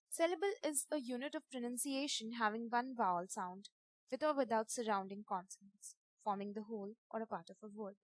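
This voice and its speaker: A woman, teaching a grammar lesson over slides in a methodical way, spelling out letters and repeating examples slowly. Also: on the high side, no room sound.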